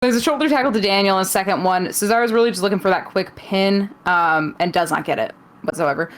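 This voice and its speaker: A woman's voice: mid-range voice, quick pace, poor audio. Teasing woman recapping a match. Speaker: podcast co-host. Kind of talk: casual chat and match recap.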